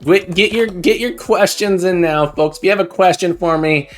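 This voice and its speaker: A man hosts a live coding stream, chatting casually with viewers in a high-pitched voice at normal speed as soft music plays behind him. He's excited and jokey, laughs often with chat, and frequently repeats words and restarts sentences.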